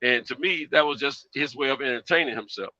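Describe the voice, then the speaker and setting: A man's voice: medium pitch, brisk, over a noisy crowd. A tired man hosting a boxing chat, rambling and repeating his words in a laid-back way. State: tired, yawning. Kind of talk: casual chat. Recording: muffled lo-fi sound.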